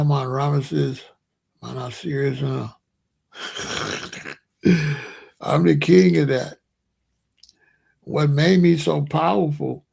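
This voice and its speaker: With a slightly high, gravelly, somewhat mellow and slightly rough voice, this American show host talks at length to his viewers. His casual delivery is rambling and repetitive, and he brags.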